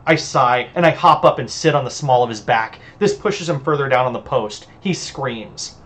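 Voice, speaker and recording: A woman's voice: very deep voice, expressive, normal speed, few pauses. A woman novelist reading her own first-person novel aloud on a livestream, with a sardonic, punchy delivery.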